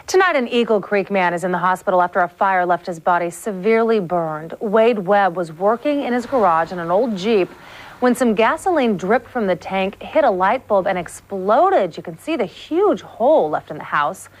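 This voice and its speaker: A female news anchor reading scripted stories clearly and evenly. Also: mid-range voice, animated. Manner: clear, measured delivery.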